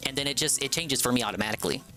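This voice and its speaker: A man hosting a casual live stream, excitable and rambling, with lots of fillers and restarts. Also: medium pitch, very fast, soft background music.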